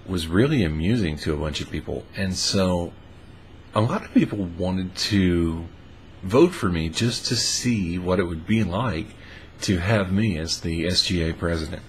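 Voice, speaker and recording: A man casually telling a funny personal story, relaxed and amused, with frequent fillers. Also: low voice, a little slow, a little hiss or hum. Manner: laid-back and amused, lots of "uh" fillers.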